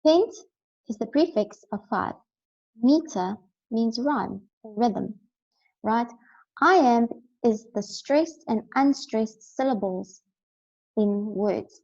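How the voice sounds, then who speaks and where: A woman's voice: fairly high pitch, expressive, takes it slowly, pauses often, darkish tone, dull audio. A woman teaching a recorded lesson, explaining step by step and often checking in with "right?".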